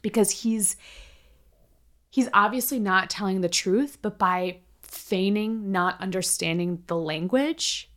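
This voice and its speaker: A woman's voice: medium pitch, takes it slowly, a bit bright. A woman co-hosting a podcast, recounting a true-crime case in a casual, chatty way with lots of filler words and the odd swear. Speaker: podcast co-host.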